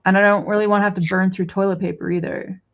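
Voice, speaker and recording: A woman's voice: mid-range voice, little pitch movement, fast, highs cut off. Rambling stoned woman vlogging. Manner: rambling, scolds pets in a raised sing-song voice. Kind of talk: casual rambling monologue to camera and pets.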